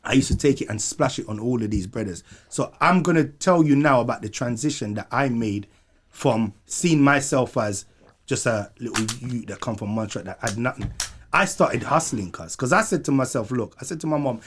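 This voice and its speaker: A man's voice: mid-range voice, animated, normal speed. A young man from Montserrat, a guest telling his life story in slang-heavy casual chat.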